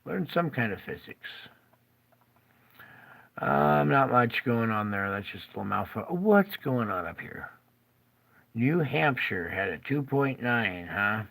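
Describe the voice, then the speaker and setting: A man's voice: medium pitch, animated, slow pace, creaky, fairly bright tone. A man hosting his own show, rambling in a tired, jokey way and often breaking off his own train of thought. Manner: rambling, jokey and self-interrupting. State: tired, yawning. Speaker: show host. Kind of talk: casual commentary over maps.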